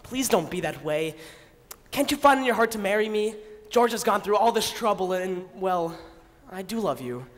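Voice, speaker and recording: A man's voice: high voice, animated, normal speed. A man playing an earnest, lovesick young groom. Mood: pleading. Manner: earnest, pleading. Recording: reverberant stage sound.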